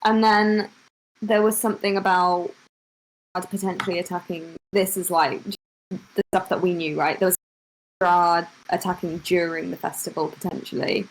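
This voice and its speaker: A woman's voice: lowish voice, steady tone, moderate pace, slight background noise, low-quality recording. A woman playing a tabletop game, thinking aloud hesitantly with fillers. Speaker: player. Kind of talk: casual chat at a game table.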